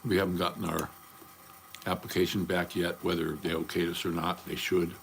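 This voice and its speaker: A man's voice: low voice, little pitch movement, normal speed, gravelly, a little hiss or hum. An older man chatting casually on a livestream, rambling from topic to topic in a blunt, profane way. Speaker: livestream host.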